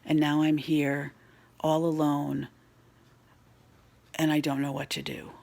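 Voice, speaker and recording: A woman voicing a lonely little ghost girl who pleads softly, half in a whisper. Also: deep voice, completely flat delivery, takes it slowly, creaky, exaggerated voice. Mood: pleading.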